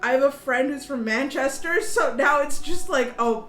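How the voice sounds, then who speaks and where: A woman's voice: high voice, normal speed, fairly bright tone. Giggly chatty woman in an echoey room. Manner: giggly, chatty, many fillers. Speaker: podcast co-host. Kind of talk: casual chat.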